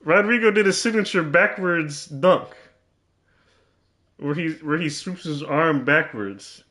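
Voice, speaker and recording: A man's voice: a little high, slow pace, bright, forceful tone. A man commentating his own basketball video game, teasing and trash-talking in a mock-serious way and often repeating himself.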